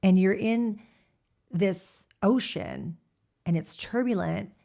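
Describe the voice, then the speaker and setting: A woman's voice: mid-range voice, takes it slowly, vocal fry, dark tone. A woman in her thirties giving a personal testimony in an interview, telling her story candidly and quoting the people in it. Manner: candid storyteller who quotes herself and laughs often.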